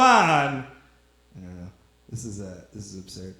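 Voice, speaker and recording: A man's voice: fairly high pitch, big pitch swings, moderate pace, fairly bright tone. Rambling stand-up man in echoey club. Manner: rambling, teasing the audience, drawling. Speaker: stand-up comedian. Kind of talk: stand-up comedy set. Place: comedy club stage.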